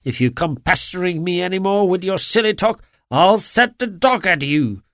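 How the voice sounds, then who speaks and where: A man voicing a surly, hot-tempered market salesman who talks loudly and blusters. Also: high voice, big pitch swings, slow pace, dry recording, clean studio sound, pitched above the performer's own voice, heavily acted. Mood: furious. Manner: loud, blustering.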